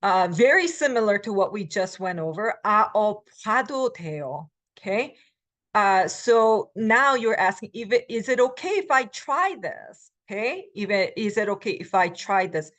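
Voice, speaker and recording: In this recorded language lecture, a middle-aged Korean instructor speaks at medium pitch, sounding very animated and a bit bright. She explains things patiently with many ums, moving between slow English and fast sample phrases.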